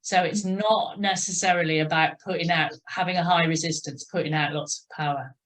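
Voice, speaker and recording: A woman leading a cycling exercise class, encouraging riders and counting out a steady tick-tock rhythm. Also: fairly low pitch, fairly quick. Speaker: cycling instructor.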